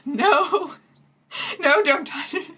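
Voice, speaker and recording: A woman's voice: very high voice, extremely slow, pushed and bright, pitched above the performer's own voice, exaggerated voice. A woman voicing a fussy evil male professor who guards a precious egg, whiny and pleading. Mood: panicked.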